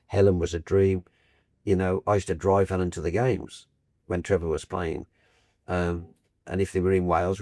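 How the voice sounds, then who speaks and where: An older man, a broadcaster guest telling stories in casual chat with animated, restarting sentences. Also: deep voice, gravelly, no room sound, studio quality. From Birmingham, England. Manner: warm anecdotal, animated, trailing restarts.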